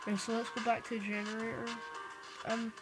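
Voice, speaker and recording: Sex: woman. Pitch: fairly high. Style: casual let's-play commentary, reading game text aloud. Behind: clear game music. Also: monotone, rough recording. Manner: reads on-screen text aloud with quick reactions. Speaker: gamer.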